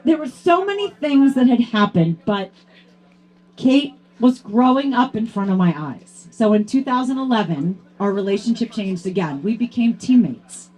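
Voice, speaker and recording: A woman presenting a hall of fame award to her teammate in a heartfelt tribute speech, fighting back tears. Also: mid-range voice. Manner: grows loud and excited toward the end.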